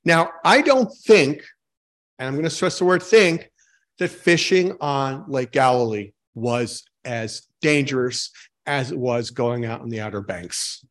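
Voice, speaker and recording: A man preaching a sermon in a relaxed, conversational way, asking his congregation questions and poking fun at himself. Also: medium pitch, measured pace. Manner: informal, asks the congregation questions, self-mocking jokes. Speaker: pastor.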